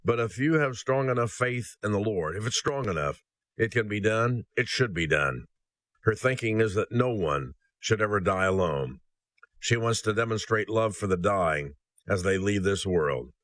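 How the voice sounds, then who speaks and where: Earnest low-voiced man preaching. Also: expressive, normal speed, a bit bright, dry recording. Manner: earnest, addresses listeners as brothers and sisters; reads a personal story aloud. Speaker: ministry podcast host. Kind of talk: devotional message.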